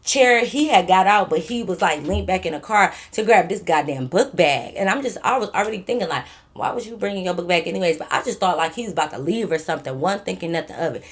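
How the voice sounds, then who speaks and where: A woman's voice: on the low side, lively intonation, quick pace, hardly any pauses. A young woman vlogger telling a story in casual, profane chat, acting out the people she quotes.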